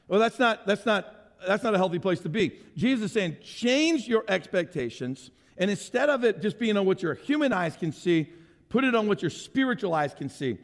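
A man preaching a sermon as pastor, animated and conversational, asking the congregation questions and making playful sound effects. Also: high-pitched, normal speed, big-room sound.

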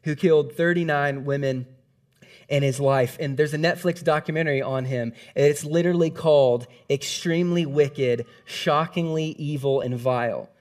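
A man preaching a sermon in a casual, conversational way, retelling scenes with lively energy. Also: a little high, moderate pace.

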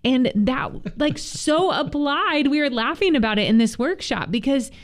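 A woman's voice: high-pitched, lively intonation, normal speed. A middle-aged woman co-hosting a radio show, telling a story in casual chat with easy laughs. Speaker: radio co-host.

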